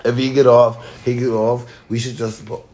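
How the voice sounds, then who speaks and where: A young man in casual chat, loose and animated, telling stories full of slang. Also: medium pitch, moderate pace.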